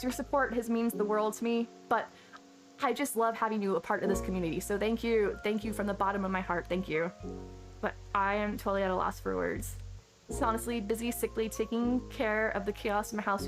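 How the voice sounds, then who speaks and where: A woman streamer chatting casually on a live stream, thanking viewers effusively and rambling with lots of restarts. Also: on the high side. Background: background music.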